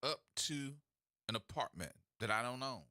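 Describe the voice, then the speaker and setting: A man hosting a call-in radio talk show, telling stories in a folksy, animated way. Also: medium pitch, moderate pace, dry recording, studio quality. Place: radio studio. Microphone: studio mic.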